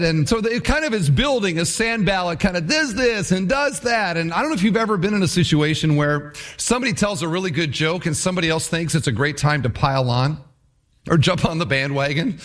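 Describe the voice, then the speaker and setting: A man preaching a sermon, reading scripture aloud and acting out the mocking voices of the characters. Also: high voice. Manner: animated preaching, voicing the taunts of biblical characters. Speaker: pastor.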